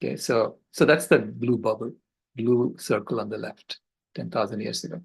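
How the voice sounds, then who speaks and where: An older man on a video call, giving a passionate, earnest storytelling talk with halting restarts. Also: mid-range voice, vocal fry, breathy edge, poor audio. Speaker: conference speaker.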